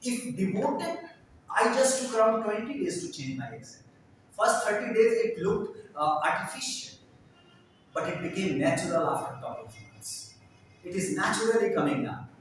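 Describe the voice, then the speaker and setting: A man's voice: sits high, a little hiss or hum. Man teaching in an echoey room. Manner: demonstrative, repeats drills and tongue twisters. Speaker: English teacher. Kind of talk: spoken English lesson. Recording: echoey room, mic far off.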